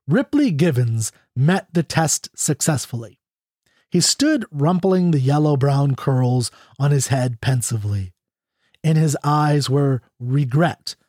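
A man narrating a classic short story in a measured, expressive audiobook reading. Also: mid-range voice, no echo, clean studio sound.

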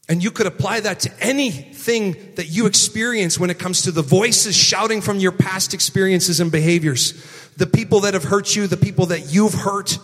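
A man in his forties preaching a sermon earnestly, moving from loud emphasis to hushed, quiet lines. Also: high-pitched, moderate pace, big-room sound. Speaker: pastor.

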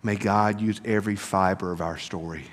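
Pastor preaching in a reverberant hall. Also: male voice, low-pitched, steady tone, moderate pace. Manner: swings from hushed, tender lines to loud, rising preaching. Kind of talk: sermon.

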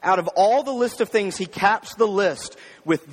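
A man delivers a sermon in a casual, conversational way, often speaking straight to his listeners. His voice sits a little high for a man. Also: measured pace, hardly any pauses, long reverb tail. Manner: conversational preaching, addressing the crowd with "y'all". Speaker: pastor.

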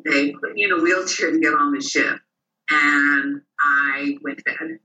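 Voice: mid-range voice, unhurried. An interview guest telling personal stories, acting out the voices of the people in them. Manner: animated, acts out quoted voices. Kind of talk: personal storytelling. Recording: roomy and distant.

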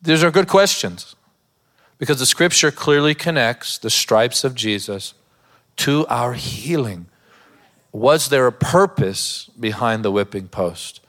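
A man's voice: mid-range voice, animated, slow pace, fairly bright tone. Preacher man telling a funny story. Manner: storytelling with humor, laughing often. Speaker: pastor. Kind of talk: sermon. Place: church.

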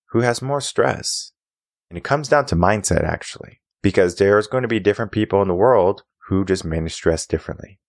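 A man's voice: deep voice, dry recording, clean studio sound. A young adult man hosting a podcast, giving an opinionated monologue full of rhetorical questions. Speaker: podcast host.

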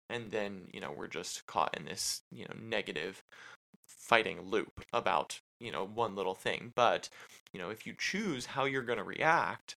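A man's voice: lowish voice, sharp tone, low-quality recording. A man co-hosting a casual marriage podcast, explaining things loosely with lots of "you know" fillers. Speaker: podcast co-host.

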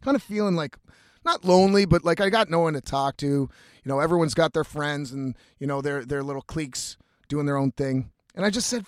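A man's voice: fairly high pitch, brisk, dry recording. A man telling a rambling, profane story in a casual way, speaking as the host of his own show. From Canada.

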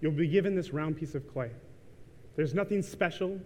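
In a reverberant church sanctuary, a man in his thirties preaches a sermon with a slightly high, somewhat mellow voice at a normal pace. He tells a story casually, full of ums and likes.

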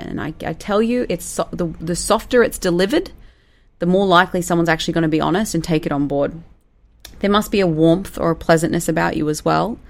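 A woman's voice: lowish voice, brisk, creaky. Direct, playful woman coaching managers. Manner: direct, playful, acts out quoted dialogue. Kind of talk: casual advice monologue.

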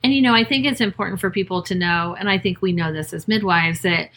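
A woman's voice: fairly low pitch, fast, fairly bright tone. A woman midwife co-hosting a podcast, reflecting supportively in casual chat.

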